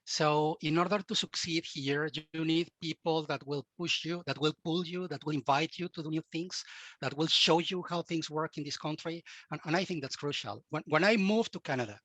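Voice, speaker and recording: A man with a Mexican Spanish accent speaks earnestly as an interview guest, with Spanish as his first language. His voice sits a little high for a man and often stumbles into repeated words. The recording is dry and close, with little room sound. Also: moderate pace, fairly bright tone, no room sound. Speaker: guest expert. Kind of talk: interview, conversational advice.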